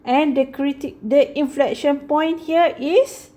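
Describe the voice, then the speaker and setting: A woman with a high voice walks through a math lesson at an unhurried, careful pace. She keeps stopping to check in with "okay" and fixes her own slips as she goes, patient and methodical throughout. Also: mellow. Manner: slow and patient, repeats "okay" often; corrects herself mid-sentence. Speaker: math teacher.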